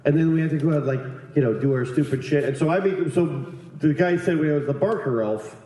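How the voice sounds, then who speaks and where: A man telling a long, rambling, profane comic story in casual chat, jumping into loud put-on voices for the people in it. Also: fairly high pitch, fast. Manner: rambling, profane, acts out other people's lines with big voice jumps. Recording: very echoey room.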